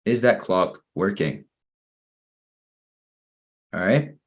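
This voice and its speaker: A man teaching an online English grammar lesson for children, patiently reading exercises slowly and praising each answer. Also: lowish voice, creaky.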